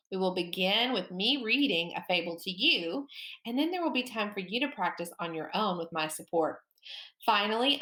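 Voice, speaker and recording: A woman teaching a phonics lesson to young children, sounding out letters slowly and praising often. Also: fairly high pitch, echoey room.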